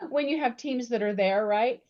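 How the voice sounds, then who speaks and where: A woman's voice: a little high, unhurried, a little mellow. Earnest woman with muffled lo-fi audio. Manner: earnest and emphatic, repeats words while building points. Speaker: guest speaker on employee recognition. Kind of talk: panel discussion storytelling.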